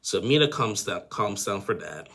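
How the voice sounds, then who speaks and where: A man's voice: on the low side, expressive, normal speed, pushed and bright, slightly rough. A man casually recapping a reality show episode, rambling with lots of fillers and restarts.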